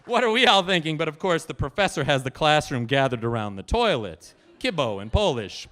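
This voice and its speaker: A man telling a personal story at a live storytelling event, animated and chatting with the audience. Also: on the high side, fairly quick. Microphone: handheld stage microphone.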